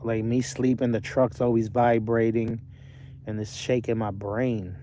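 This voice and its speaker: A man's voice: mid-range voice, level tone, measured pace, dark tone, a little hiss or hum. Rambling trucker man chatting on a livestream. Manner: rambling, chatty, self-correcting. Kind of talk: casual livestream chat reading viewer comments. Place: inside a parked truck cab.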